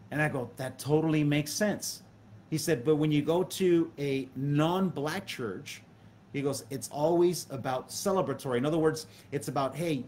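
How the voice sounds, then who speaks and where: A man's voice: medium pitch, a little hiss or hum. A man hosting a casual chat, retelling a conversation and quoting it back and forth with many restarts.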